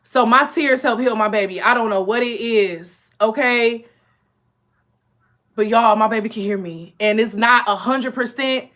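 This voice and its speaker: A woman chatting casually to viewers on a live stream, emotional and animated, full of slang. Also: fairly high pitch, measured pace. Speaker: spiritual reader hosting a live stream.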